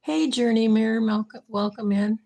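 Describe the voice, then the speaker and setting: A woman's voice: a little high, moderate pace, creaky, warm tone. A woman hosting a casual livestream, chatting and thinking aloud as she works, her voice getting tired. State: losing her voice. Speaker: livestream host. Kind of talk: casual kitchen livestream chat.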